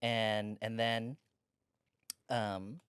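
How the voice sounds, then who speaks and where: A woman who is a guest comedian, telling rambling personal stories with deadpan jokes in a casual chat. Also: extremely low pitch, extremely slow, clear, resonant tone, dry recording, studio quality.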